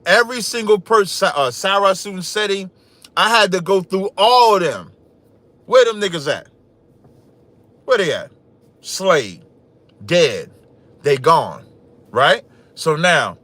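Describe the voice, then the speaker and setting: Male podcast host, naturally loud and cocky, trash-talks with a sharp, forceful edge and reads scripture aloud. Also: sits high, no echo. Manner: loud, boastful, trash-talking. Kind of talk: livestream commentary with scripture reading.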